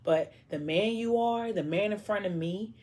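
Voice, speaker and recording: A woman's voice: medium pitch, moderate pace, a little mellow, natural voice. A woman voicing a blunt, fiercely loyal young woman who swears freely but speaks with care. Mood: reassuring. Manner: blunt and profane but caring.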